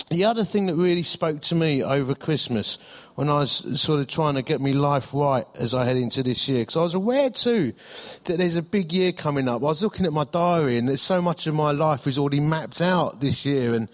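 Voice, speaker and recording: A man's voice: fairly high pitch, lively intonation, brisk. A middle-aged male pastor, preaching in a chatty storytelling way, with self-deprecating humour and frequent restarts. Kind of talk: sermon.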